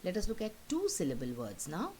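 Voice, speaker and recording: Her lowish, warm voice swings hugely in pitch as she patiently models pronunciation, saying each word slowly two times. She's a woman teacher in a recorded lesson, captured on a low-quality recording with faint hiss.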